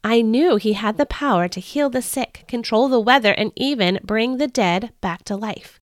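A woman hosting a podcast, reading a first-person story in an earnest, expressive way. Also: on the high side, normal speed, no room sound, clean studio sound. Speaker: podcast host.

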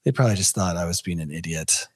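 A man's voice: low-pitched, fast, breathy edge. Wry man chatting on a podcast. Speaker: podcast co-host. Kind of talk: casual chat.

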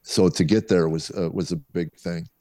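A man's voice: low-pitched, normal speed, dry recording. A middle-aged man from a small town south of Chicago, a comedian telling anecdotes as a podcast guest. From small town south of Chicago, USA. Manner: lively storyteller, acts out voices in his anecdotes. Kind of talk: storytelling anecdotes in a podcast interview.

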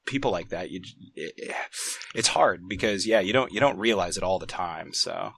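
Halting man interviewing casually. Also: sits low, lively intonation, creaky, a bit bright, slightly rough. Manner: hesitant, lots of fillers and "you know".

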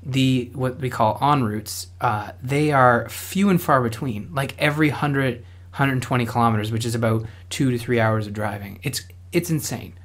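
A man's voice: medium pitch, moderate pace, few pauses, fairly bright tone. Young Canadian man, Canadian accent, chatty rambling storyteller. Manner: rambling storyteller, lots of restarts and fillers. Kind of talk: casual chat.

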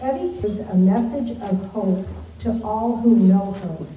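Introducer: woman, formal read intro, dark mellow tone, echoey and distant. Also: medium pitch, a little slow, dull audio, faint music behind. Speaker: introducer of the speaker. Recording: echoey room, away from the mic.

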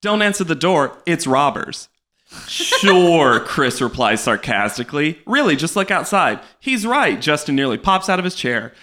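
A man with a Southern US accent reads his old adventure story to friends, playful and breaking into laughter between lines. His voice sits a bit high for a man, with a bright, forceful edge. He swings his pitch around a lot as he reads. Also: sing-song, normal speed, hardly any pauses. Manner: playful, laughs while reading. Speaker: podcast guest reading his childhood story. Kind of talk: reading aloud and casual chat.

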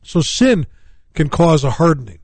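A man's voice: a little high, sing-song, moderate pace, vocal fry, a little mellow, breathy edge, no room sound. A middle-aged male pastor preaching on a radio talk show, rambling with many fillers and restarts.

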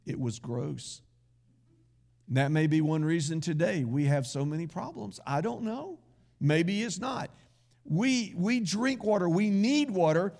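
A man's voice: high-pitched, animated, unhurried, creaky, darkish tone. A man pastor preaching a sermon in a folksy, conversational way, with asides to the congregation.

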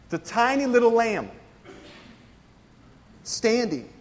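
High-voiced preacher in a reverberant hall. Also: male voice, sing-song, slow. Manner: expository preaching with frequent asides and questions to the congregation. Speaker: pastor. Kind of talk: sermon.

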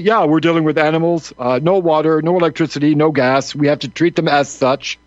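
A man's voice: fairly high pitch, dry recording. Rambling male radio talker, dull lo-fi sound. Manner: rambling, full of "you know" and asides. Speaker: radio show host. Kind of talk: opinionated talk show commentary.

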